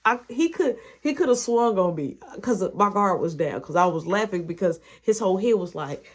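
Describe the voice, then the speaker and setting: A woman with a husky voice tells a story in casual slang, full of sound effects. Her pitch leaps around a great deal as she acts things out. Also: lively intonation, moderate pace. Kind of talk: animated storytime.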